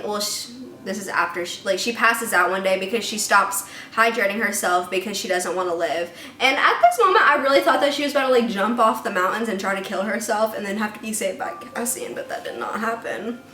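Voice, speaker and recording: A woman's voice: medium pitch, moderate pace, bright, forceful tone, distant mic. A woman giving a casual, ranting book review, chatty and worked-up, with lots of "like"s. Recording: echoey room with music behind.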